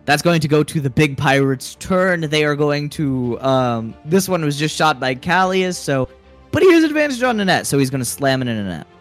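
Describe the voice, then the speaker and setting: A man's voice: on the high side, big pitch swings, normal speed, soft background music. A man narrating a tabletop game as game master, often breaking into laughter.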